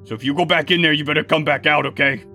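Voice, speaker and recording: A man playing a remorseful male guardian who talks in halting, choked apologies during a tabletop game. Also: on the high side, fairly even intonation, sharp tone, soft background music. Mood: tearful. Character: remorseful grieving male guardian, tender and guilty.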